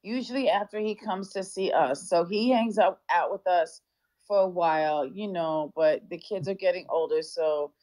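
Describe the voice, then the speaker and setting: A woman's voice: on the low side, moderate pace, darkish tone, dry recording, low-quality recording. A woman singer chatting playfully with fans in an online audio room, often slipping into a sing-song voice. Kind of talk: casual online audio chat.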